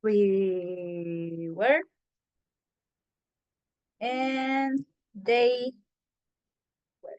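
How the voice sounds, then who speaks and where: A woman's voice: mid-range voice, little pitch movement, very slow, long pauses, a little mellow, clean tone, lo-fi sound. A woman teaching an English class over a video call, patiently repeating herself as she explains.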